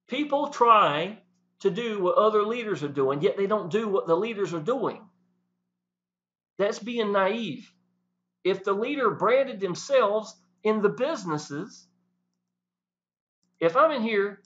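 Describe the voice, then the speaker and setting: A man talking to the camera, animated and preachy, often saying "y'all". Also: sits high. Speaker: network marketing promoter. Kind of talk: casual talk to camera. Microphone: camera mic. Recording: dull lo-fi sound.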